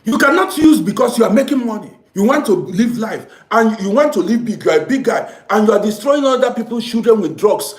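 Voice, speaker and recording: Male commentator, preachy and repetitive, lively delivery, roomy echo. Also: high-pitched, brisk, few pauses. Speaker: social commentator. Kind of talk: impassioned moral monologue.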